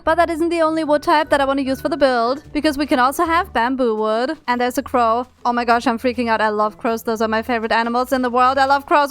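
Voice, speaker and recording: A bubbly woman with a high, light voice narrates her gameplay in a chatty run. She coos at in-game animals in baby talk and now and then bursts into squeals. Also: fairly even intonation, quick pace, few pauses, faint music behind. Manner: bubbly, breaks into squeals and frightened shrieks. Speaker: gaming video creator.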